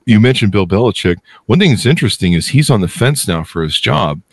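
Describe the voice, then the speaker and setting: A middle-aged man hosting a podcast, holding forth in a blunt, opinionated, animated way. His voice sits very low, and the recording is dry and close with no room sound. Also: fairly quick, slightly rough, no room sound. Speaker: podcast host. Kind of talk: casual interview chat.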